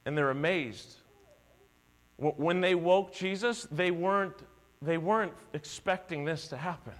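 A high-pitched man delivers a sermon from the pulpit, telling the story with dramatic flair and acting out each voice. His voice rings out in a reverberant hall over a low mains hum. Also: measured pace. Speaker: pastor.

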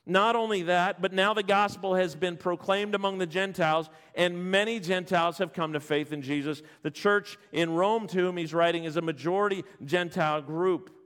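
A man's voice: a little high, clear, resonant tone. A man preaching a sermon, reading scripture and then explaining it with emphatic repetition. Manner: emphatic, repeats words when stressing a point.

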